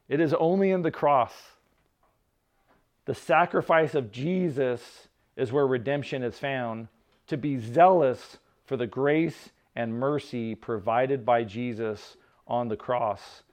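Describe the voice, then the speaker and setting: A man's voice: mid-range voice, darkish tone, lo-fi sound. A male pastor preaching a sermon in a conversational way who often checks in with "right?" and drops joking asides. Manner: conversational, tags points with "right?", jokes aside.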